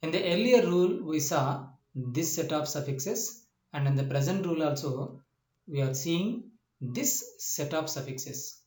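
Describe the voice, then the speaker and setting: Slow, patient male teacher in an echoey room. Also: fairly high pitch, expressive, a little mellow. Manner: slow, repetitive explanations with frequent "uh" and checking questions. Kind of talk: classroom lecture.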